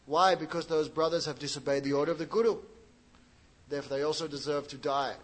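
A man preaching a sermon, retelling a sacred story with lively asides and questions to his listeners. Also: fairly high pitch, fast talker, low-quality recording. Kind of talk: sermon with retold scripture story.

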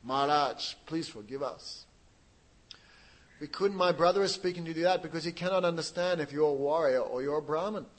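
Preacher guy retelling old scripture, kinda higher voice, lively, talks right to the crowd. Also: a little fast, rough recording. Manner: lively storytelling with asides to the audience. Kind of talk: sermon with retold scripture story.

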